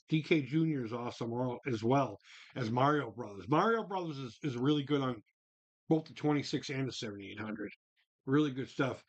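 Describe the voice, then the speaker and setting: A man's voice: medium pitch, dull audio. A man hosting a casual live stream, answering viewer chat, swearing freely and exclaiming in disbelief as he rambles with restarts. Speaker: livestream host reading viewer chat.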